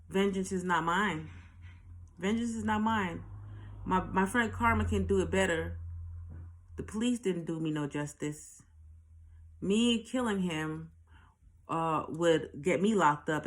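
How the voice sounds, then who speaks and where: Blunt, profane woman with a lowish voice. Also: a bit bright. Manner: blunt, profane, emphatic, repeats lines for effect. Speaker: channel host telling a personal story. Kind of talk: candid personal storytelling.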